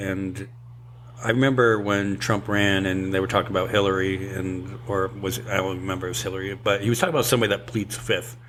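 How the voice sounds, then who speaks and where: A man co-hosting a podcast in casual political chat, halting and repeating words as he starts sentences. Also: on the low side, a bit bright, slight background noise. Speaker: podcast co-host.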